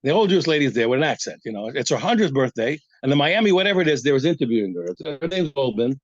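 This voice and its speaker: A man teaching a daf yomi Talmud class, animated and emphatic, often repeating words as he builds his point. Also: medium pitch, fast talker, no echo. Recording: dull, lo-fi, dry.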